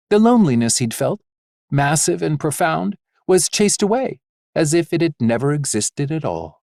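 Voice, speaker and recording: A man narrating a fantasy audiobook in an expressive, measured way. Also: on the high side, vocal fry, no echo, studio quality. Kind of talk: scripted narration.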